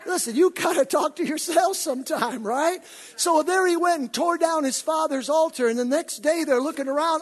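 A man preaching a sermon to his congregation, building up to shouts and calling on the church to answer. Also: very high-pitched, expressive, fairly quick. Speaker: pastor. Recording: hall reverb.

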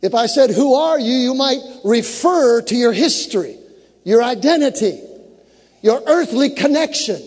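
A man preaching a sermon, driving to fervent shouts with joking asides to the congregation. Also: very high voice, big pitch swings, a little slow, breathy edge, in a large hall.

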